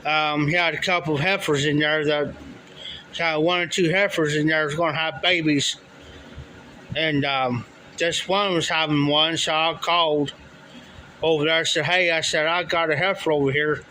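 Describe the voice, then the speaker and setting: A man's voice: a little high, steady tone, moderate pace, bright, forceful tone, a little hiss or hum, low-quality recording. A man casually telling a long story, rambling and repeating "he says" and "I said" as he quotes people. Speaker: livestream storyteller. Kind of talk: casual spoken anecdote.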